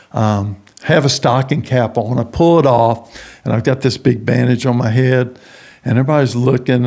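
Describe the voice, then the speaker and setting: A man's voice: medium pitch, vocal fry, darkish tone. A middle-aged man, a prison ministry founder, telling a long personal story in a podcast interview and acting out the people he quotes.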